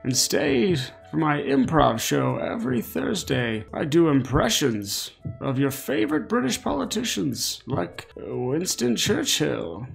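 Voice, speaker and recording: A man's voice: on the high side, vocal fry, voice pushed up, full character voice. A man voicing a pompous, hammy male store manager with a showy stage-actor delivery.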